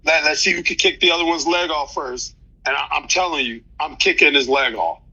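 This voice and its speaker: Casting: man in his 30s, very bright slightly high voice, slangy rambling interview guest, dull lo-fi audio. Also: brisk, slightly rough. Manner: loose, rambling, slangy, many restarts. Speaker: fighter guest. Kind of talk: casual interview chat.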